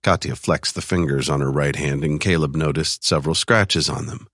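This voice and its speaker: Male thriller narrator with an extremely deep voice, recorded in a dry studio. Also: normal speed, fairly bright tone, no echo. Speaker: audiobook narrator.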